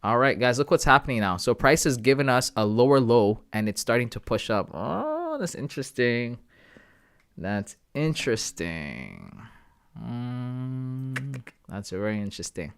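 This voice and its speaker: A man's voice: medium pitch, very animated, brisk, hardly any pauses, clear, resonant tone. Young man thinking aloud to his chat. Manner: thinking aloud, talks to chat with "guys" and "bro". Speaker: trading livestream host. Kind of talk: casual live commentary.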